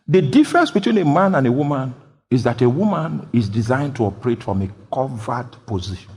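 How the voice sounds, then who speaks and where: A man preaching a sermon, jumping from loud shouted quotations down to quiet, low explanation. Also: very animated, fairly quick, slightly rough. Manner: bursts into loud shouted quotes, then drops low. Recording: long hall reverb.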